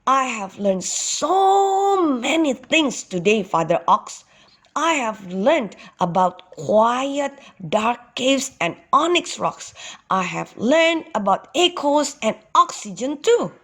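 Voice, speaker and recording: An excited little boy ox from a children's storybook, put on by a woman. His voice goes high and wide-eyed, and he stretches out his exclamations in slow, lively bursts. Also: heavily acted. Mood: eager.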